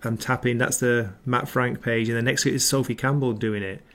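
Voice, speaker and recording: A man's voice: mid-range voice, fairly even intonation, fairly quick, a bit bright. A man hosting a casual comic book livestream, chatty and enthusiastic, rambling through asides while reading viewer comments. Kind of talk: casual chat. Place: home livestream setup with ring light.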